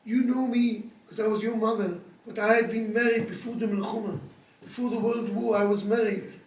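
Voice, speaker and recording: A man voicing a heartbroken older mother who confides a painful past to her grown children in a plain, halting way. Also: high voice, steady tone, close to an everyday voice. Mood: confiding. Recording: echoey room, speaker far from the mic.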